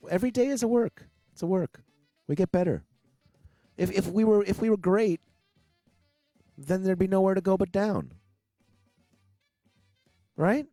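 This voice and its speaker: A man's voice: high voice, measured pace, long pauses, warm tone, no echo, studio quality, soft background music. A young man hosting a casual online talk show, rambling with many fillers and restarts. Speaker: podcast host. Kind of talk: casual chat.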